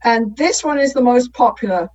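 Casual, slightly high woman in her middle years, explaining couples stuff, muffled audio. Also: lively intonation, moderate pace, darkish tone. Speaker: couples therapist. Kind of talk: conversational explaining.

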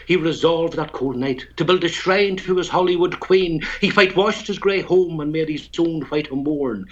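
A man's voice: high-pitched, fairly bright tone, muffled recording. Northern Irish man reciting over the phone. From Tyrone, Northern Ireland. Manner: storytelling, chuckling between lines. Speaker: guest poet. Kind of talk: phone-in chat and rhymed poem recitation.

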